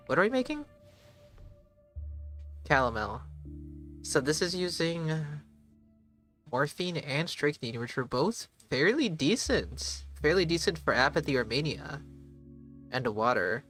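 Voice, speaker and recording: A man streaming a game live, thinking aloud in a slow, halting way and sometimes spelling words out letter by letter. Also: fairly high pitch, big pitch swings, fairly bright tone, faint music behind. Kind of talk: casual live gameplay commentary.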